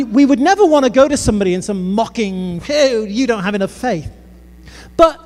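A British man preaching a sermon, telling funny stories and speaking straight to the crowd. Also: very high-pitched. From Britain. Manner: lively storytelling with humor and asides to the crowd. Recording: long reverb of a large hall.

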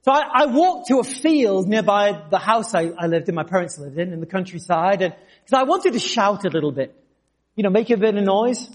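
A male preacher giving a sermon, telling his own testimony in an animated storytelling way. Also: high-pitched, brisk. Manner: storytelling, animated, jumps to shouts.

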